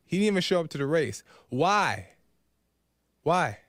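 An earnest man tells a parable on his podcast and then reflects on it. He repeats key phrases and keeps checking in with "right?". His voice sits a little high and sounds smooth and clear, with a dry, close sound. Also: expressive, rapid-fire, no echo. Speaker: podcast host. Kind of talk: storytelling reflection.

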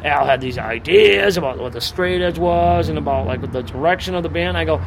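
High-voiced, profane middle-aged punk storyteller. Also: male voice, fairly quick, creaky. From Boston area. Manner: profane, rambling, swaggering storyteller. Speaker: punk singer being interviewed. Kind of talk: casual street interview, storytelling. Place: outdoors in front of a bar on a city street. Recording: street traffic noise outdoors. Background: passing cars and city traffic.

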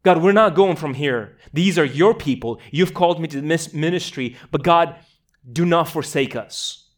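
A preacher voicing a loudly pleading prophet. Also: male voice, on the low side, expressive, fast talker, pitched below the performer's own voice. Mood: urgent pleading. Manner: loud, urgent pleading. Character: pleading male prophet, urgent and insistent. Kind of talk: sermon.

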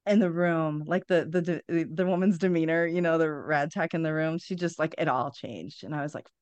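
A woman in her forties tells her own story with blunt candor and dry humor, cursing freely. Her voice sits low, and the sound is close and dry. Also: normal speed, a little mellow, no echo. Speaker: podcast guest. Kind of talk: candid personal storytelling.

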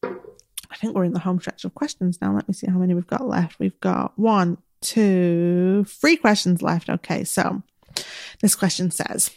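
A woman's voice: on the low side, moderate pace, creaky, darkish tone, no room sound, studio quality. A woman, a business coach, gives encouraging, chatty advice in a casual solo Q&A with many filler words. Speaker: business coach answering listener questions.

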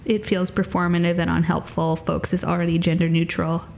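Woman co-host, low fry-edged voice, deadpan and hesitant. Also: brisk, a little hiss or hum. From Long Island, New York. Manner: dry, self-deprecating, hesitant with many ums. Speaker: podcast co-host. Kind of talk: casual chat.

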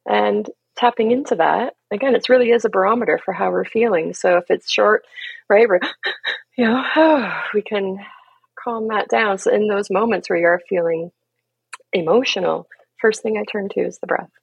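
A gentle, earnest woman coach speaking as a podcast guest. Her lowish voice carries a gravelly, husky edge, and she laughs easily between thoughts. The sound is close and dry, with no room around it. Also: normal speed, dry recording, dull audio. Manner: gentle and earnest, laughs often, leans on "right?" and "you know". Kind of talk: reflective conversational talk.

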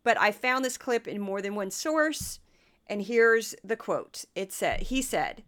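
A hoarse woman hosting a podcast, talking in a chatty, sarcastic and self-deprecating way. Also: mid-range voice, animated, unhurried, a bit bright. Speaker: podcast host. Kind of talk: casual commentary podcast.

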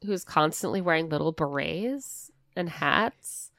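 A woman with a low, smooth, resonant voice chats casually on a podcast, dropping "like" often and slipping into little impressions of people. The sound is dry and close, with no room around it. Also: animated, a little slow, a bit bright, no room sound. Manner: chatty, many "like" fillers, acts out quoted lines. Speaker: podcast co-host. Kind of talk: casual chat about a TV show.

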